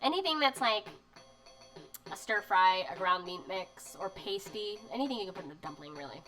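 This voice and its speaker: Her medium-pitched voice is expressive and moves at a moderate pace, though the recording is low quality. She's a streamer showing off zines, casually reading bits of magazines aloud, peppering them with fillers and emotional asides as soft music plays.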